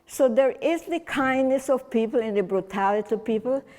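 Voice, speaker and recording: A woman's voice: a little high, fairly quick, darkish tone, in a large hall. An older woman from Transylvania giving a chatty, whimsical public talk to a community audience, rambling with restarts. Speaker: guest speaker. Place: large community hall.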